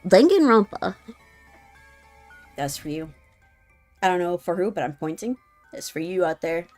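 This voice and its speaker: A woman streamer chats and reads a story game aloud in a giddy, animated way. Her voice sits on the lower side. Faint music plays underneath. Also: moderate pace. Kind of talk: casual game commentary and reading aloud.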